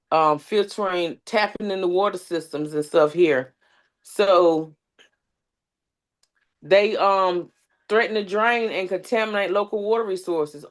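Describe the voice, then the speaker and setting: A woman, a substitute teacher and community organizer, giving an impassioned talk at a panel. She talks earnestly, with long lists and frequent fillers. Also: on the low side.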